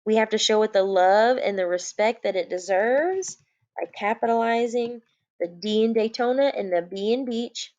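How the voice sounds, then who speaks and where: A woman's voice: mid-range voice, dull audio. A woman elementary school teacher, giving a playful, joking recorded lesson. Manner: playful, animated teacher talk with jokes.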